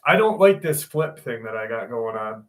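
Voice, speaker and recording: A man's voice: medium pitch, lively intonation, moderate pace. A man in his forties hosting a livestream. He chats casually, greets viewers by name, swears freely and reads listener stories aloud. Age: 40s. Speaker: livestream host.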